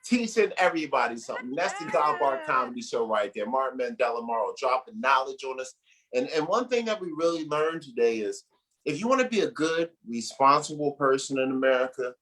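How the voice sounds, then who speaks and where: Husky, animated comedy show host. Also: male voice, medium pitch. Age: 40s. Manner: loud, playful hype and bawdy banter.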